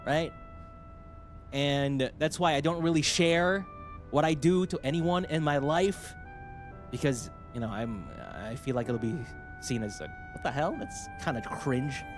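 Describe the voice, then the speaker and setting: A male VTuber chatting on stream in a voice a touch higher than most men's. He tells stories in an animated, rambling way, laughing and restarting sentences as he goes. Soft music plays faintly underneath. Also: unhurried. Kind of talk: casual stream chat.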